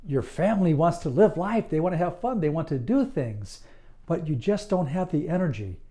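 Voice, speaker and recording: Calm, soothing hypnotist man, mellow tone. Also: fairly high pitch, moderate pace. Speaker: certified hypnotist. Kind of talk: slow, earnest promotional monologue.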